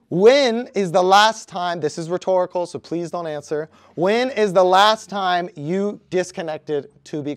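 A young youth pastor preaches a sermon to a youth group, keeping it conversational and asking the room questions. His voice is high-pitched, and the recording has no echo.

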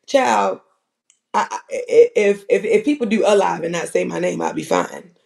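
A commentator rambling through profane, animated, casual talk about other livestreamers. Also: medium pitch, moderate pace, vocal fry.

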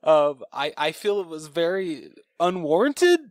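A man's voice: fairly high pitch, sing-song, unhurried, dry recording, studio quality. A man co-hosting a podcast in a laid-back, casual chat about a film, reenacting lines and laughing. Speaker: podcast co-host. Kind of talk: casual movie review chat.

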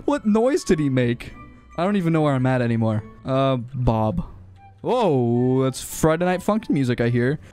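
A man's voice: medium pitch, normal speed, smooth. Jumpy young man narrating gameplay. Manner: excitable, yelps and shrieks when startled. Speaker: gaming channel host. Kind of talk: gameplay commentary. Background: game music and sound effects.

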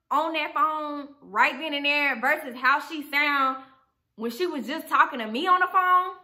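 Profane, animated storytelling woman. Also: high-pitched, normal speed. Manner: animated, profane, addresses viewers directly. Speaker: vlogger. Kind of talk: storytime vlog.

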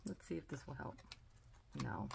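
A woman's voice: low voice, animated, normal speed, gravelly, heavy background noise. A woman chatting casually through a sticker haul unboxing, gushing and talkative, with frequent "like" and "oh". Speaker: planner and sticker vlogger.

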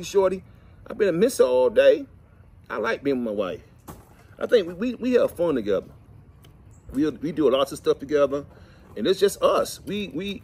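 A middle-aged man, chatting and telling folksy, animated stories to the camera outdoors while cleaning fish. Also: high voice, slightly rough. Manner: folksy, animated, preachy asides. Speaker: vlog host. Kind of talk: casual storytelling chat.

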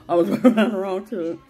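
A woman with a medium-pitched, dark-toned voice chats casually into a phone camera while she eats. The mukbang vlogger is laid-back and laughs often, and faint music plays behind her.

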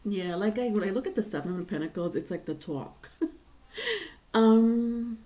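A woman's voice: mid-range voice, takes it slowly, pauses often, dark tone. A woman giving a casual tarot reading to viewers, rambling and chatty with many fillers and restarts. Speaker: tarot reader.

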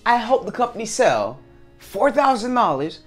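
A man vlogging casually to his viewers, animated and acting out little scenes in different voices. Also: sits high, moderate pace, faint music behind. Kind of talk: casual talk to camera.

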